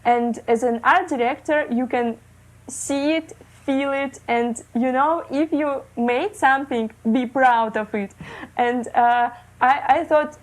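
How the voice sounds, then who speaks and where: A woman in her thirties from Russia, speaking English as a second language, telling her story in an interview with many fillers and pauses. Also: fairly high pitch, low-quality recording. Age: 30s. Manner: hesitant, many fillers, non-native phrasing. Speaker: guest, illustrator. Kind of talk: casual interview talk. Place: living in Germany.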